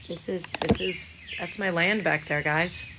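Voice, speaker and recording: A woman chatting casually to viewers on an outdoor live stream, calling them darling, with gentle guided breathing. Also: lowish voice, fairly even intonation, a little slow, heavy background noise. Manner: affectionate, calls viewers darling and lovelies. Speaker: livestream Reiki practitioner. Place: outdoors at sunrise. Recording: music playing in the background.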